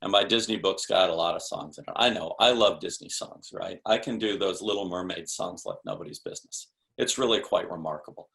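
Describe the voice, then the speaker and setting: A man's voice: low voice, lively intonation, brisk, vocal fry, hardly any pauses, a bit bright. A man speaking as a sales expert guest in a podcast interview, explaining in an emphatic, punchy coaching tone with rhetorical questions.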